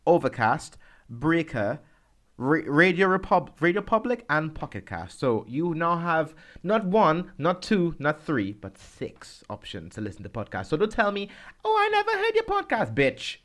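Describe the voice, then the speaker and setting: A man co-hosting a casual podcast, animated and playful, laughing often and chiming in with agreement. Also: a little high, a little slow. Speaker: podcast co-host.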